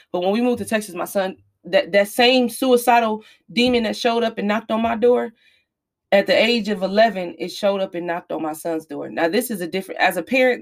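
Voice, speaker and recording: A woman in her thirties hosting a podcast, telling her own story in a candid, emphatic, confessional way and talking straight to her listeners. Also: lowish voice. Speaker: podcast host. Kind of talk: candid personal storytelling monologue.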